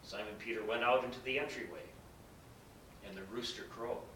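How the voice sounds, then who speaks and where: A man reading scripture aloud in a measured, solemn way. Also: steady tone. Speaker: scripture reader. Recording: bright roomy echo, distant mic, faint rumble.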